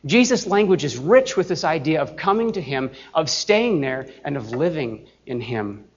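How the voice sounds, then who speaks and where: A man's voice: a little high, big pitch swings. Earnest preaching man, dull lo-fi sound. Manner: earnest, emphatic, slows deliberately on key phrases. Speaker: pastor. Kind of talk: sermon.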